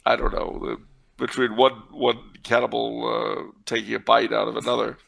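A man with a deep-set, gravelly voice that is bright and forceful at once. He talks through church history in a casual way, wandering off into sardonic asides. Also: completely flat delivery, normal speed. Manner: wry, digressive, sardonic asides. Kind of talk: casual discussion with digressions.

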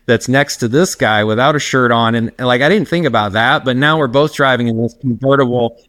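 A middle-aged man's medium-pitched, slightly bright voice moves fairly quickly as he tells long, rambling stories and laughs along. He's a personal trainer guesting on a casual interview, recorded at studio quality with no echo.

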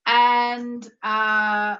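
A woman's voice: on the high side, flat delivery, very slow. A woman with an Australian accent hosting a spiritual live show, chatting casually and rambling with lots of filler words. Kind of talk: casual live-stream chat. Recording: muffled lo-fi recording.

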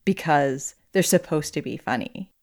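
A woman with a somewhat low voice co-hosts a chatty podcast. She explains her views in a measured way and builds them step by step. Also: a little mellow. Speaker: podcast co-host. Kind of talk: casual chat.

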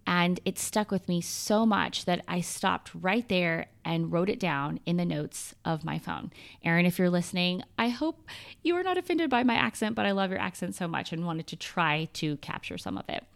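A woman's voice: lowish voice, gravelly. A woman hosting her own podcast, talking through a personal monologue in an earnest, conversational way and often ticking through lists. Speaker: podcast host. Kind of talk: scripted solo podcast monologue.

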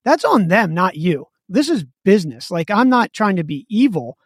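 The recording is clean studio audio with no room sound, carrying a man's high voice at normal speed. As co-host of a business podcast, he's a lively storyteller who plays out both sides of each exchange.

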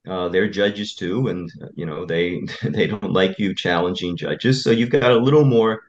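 A man's voice: sits low, normal speed, highs cut off. A male attorney speaking as an interview guest, emphatic and repetitive as he tells stories. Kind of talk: interview conversation.

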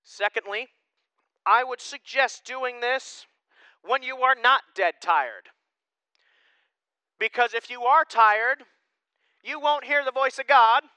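A male pastor preaching a sermon in a casual, animated way, swinging from loud emphasis to hushed asides. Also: extremely high pitch, slow pace, pauses often, clear, resonant tone, no echo, poor audio.

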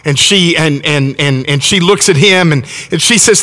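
High, bright-voiced Southern preacher. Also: male voice, moderate pace, few pauses. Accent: Southern American. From Alabama. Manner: folksy, enthusiastic, frequent restarts. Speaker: visiting preacher. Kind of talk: sermon with storytelling. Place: church sanctuary. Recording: long church reverb.

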